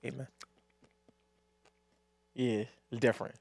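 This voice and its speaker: A young man co-hosting a podcast, telling casual stories with plenty of swearing and loud laughs. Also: mid-range voice, slow pace, creaky, breathy edge, dry recording. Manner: animated storyteller, swears freely, laughs loudly. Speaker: podcast co-host. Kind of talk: casual chat.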